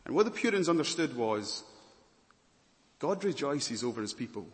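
A man preaching a sermon, earnest and expressive, swinging from raised emphasis to quiet softness. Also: mid-range voice, normal speed. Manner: earnest preaching, rising loud then dropping to soft. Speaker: pastor. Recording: long hall reverb.

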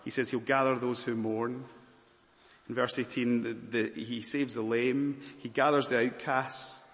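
A man preaching a sermon, earnest and expressive, swinging from raised emphasis to quiet softness. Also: medium pitch, a little slow. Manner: earnest preaching, rising loud then dropping to soft. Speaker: pastor. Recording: long hall reverb.

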